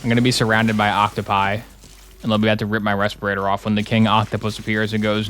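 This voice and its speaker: A man's voice: on the low side, little pitch movement, rapid-fire, a bit bright, slight background noise. A young man joking and rambling through casual commentary while streaming a game. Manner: joking, rambling, playful asides.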